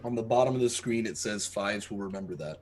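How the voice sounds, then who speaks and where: A man's voice: on the low side, animated, fast talker, darkish tone, a little hiss or hum. A man playing a tabletop game, tossing out teasing jokes. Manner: wisecracking, teasing. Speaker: player.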